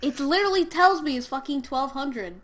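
A woman's voice: high voice, lively intonation, normal speed, a bit bright. A young woman co-hosting a casual chat, reading an article aloud with brash, mocking commentary and frequent swearing. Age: teenager. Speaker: co-host.

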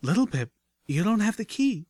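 A graceful, caring pony mare who pleads softly, her voice lifted well up as a man puts her on. Close and dry, like a storybook read in a quiet booth. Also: sits high, big pitch swings, moderate pace, dry recording, voice pushed up. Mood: pleading. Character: gentle, refined female pony mare, caring healer.

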